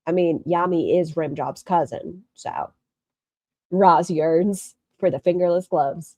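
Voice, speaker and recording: A woman's voice: on the low side, slow, mellow, no echo. A woman making snarky reaction commentary on a video, mocking it and swearing freely. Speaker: commentary streamer.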